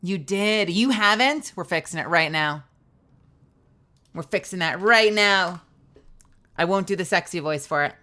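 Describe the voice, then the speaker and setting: Bright-voiced joking woman streamer. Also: fairly low pitch, expressive, measured pace, long pauses. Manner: playful, self-deprecating, joking, swears freely. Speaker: livestreamer. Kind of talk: casual live-stream chat.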